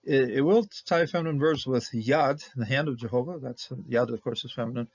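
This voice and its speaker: A man teaching Bible Hebrew verse by verse, halting with fillers and checking in with "okay?", on a dull lo-fi recording. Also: medium pitch, no room sound. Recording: dull lo-fi sound.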